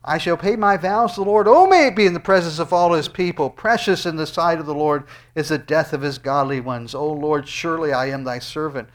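A fairly high-pitched man preaching a sermon. He swings from loud, ringing exclamations down to near-quiet asides. He reads scripture aloud and closes in prayer. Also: fairly quick, hardly any pauses. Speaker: pastor.

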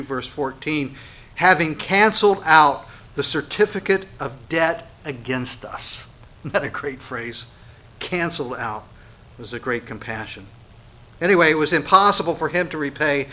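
Bright-voiced man preaching a sermon. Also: a little high. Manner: emphatic preaching, swings between loud stresses and soft asides. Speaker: pastor.

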